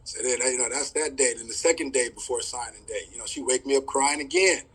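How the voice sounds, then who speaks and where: Husky-voiced man telling a story. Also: fairly quick, rough recording. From California. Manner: animated, acts out quoted voices with big pitch jumps. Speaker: podcast guest, former college running back. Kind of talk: casual storytelling.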